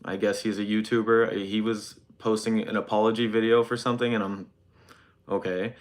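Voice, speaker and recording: Young guy, kinda low voice, stammery mock-sorry deadpan, talking into his phone on a live stream. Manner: halting, hesitant, mock-contrite deadpan. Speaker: livestreamer.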